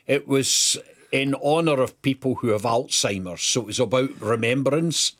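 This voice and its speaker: A man's voice: mid-range voice, moderate pace, fairly bright tone. A man with a Scottish accent, co-hosting a radio show, mostly throwing in brief, teasing interjections. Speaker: radio co-host. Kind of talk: casual radio banter.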